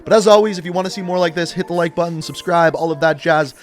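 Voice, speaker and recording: A man's voice: fairly high pitch, quick pace, faint music behind. Chatty young man telling a story. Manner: rambling, chatty, lots of "like". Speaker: vlogger. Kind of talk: casual storytime narration.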